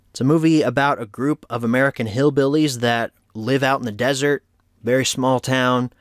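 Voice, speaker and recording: A man's voice: medium pitch, fairly bright tone, dry recording, studio quality. A man hosting a casual home media review vlog, chatty and opinionated as he wraps up an episode. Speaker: movie reviewer, show host.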